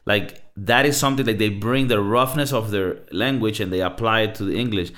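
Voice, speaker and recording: A man's voice: fairly low pitch, brisk, hardly any pauses, a bit bright. A Latin American man co-hosting a podcast, talking loosely and profanely with lots of "bro" and "like". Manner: loose, swearing, many fillers like "bro" and "like". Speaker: podcast co-host. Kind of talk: casual chat.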